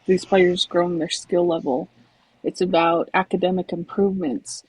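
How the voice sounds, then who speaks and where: A woman basketball coach talking in a soft-spoken, reserved way about her team in a casual conversation. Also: lowish voice, fairly even intonation, moderate pace, slightly rough, no echo, rough recording.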